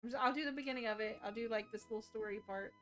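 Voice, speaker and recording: A young woman streamer chats and jokes her way through a game in casual commentary. Her voice sits a little high, with faint game music in the background. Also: very fast, a bit bright. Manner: chatty, joking.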